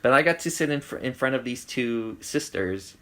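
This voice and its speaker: Chatty man telling a lively story. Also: medium pitch, normal speed. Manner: animated storyteller, acts out voices. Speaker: podcast co-host. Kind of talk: casual chat, telling a story.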